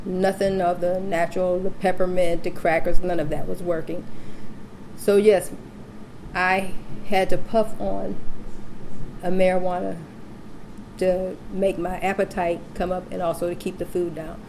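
A woman's voice: lowish voice, unhurried, a little hiss or hum. A woman casually telling a personal story, acting out the voices of the people she quotes. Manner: animated, acts out quoted voices.

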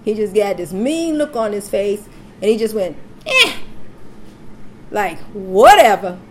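A woman's voice: mid-range voice, normal speed, a little hiss or hum. A woman casually telling a personal story, acting out the voices of the people she quotes. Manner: animated, acts out quoted voices.

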